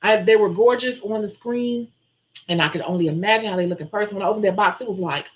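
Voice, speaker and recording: Brief: woman nail-tech host, chatty live-stream storyteller, mid-pitched voice. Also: quick pace, poor audio. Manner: chatty, animated storyteller who acts out her own quotes.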